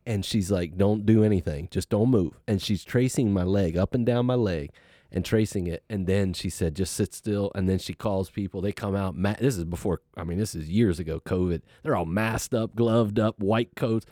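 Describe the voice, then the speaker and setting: A middle-aged man casually telling a personal story, animated and acting out what people said. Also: on the low side, moderate pace, no room sound, clean studio sound. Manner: animated, acts out quoted voices, laughs while telling.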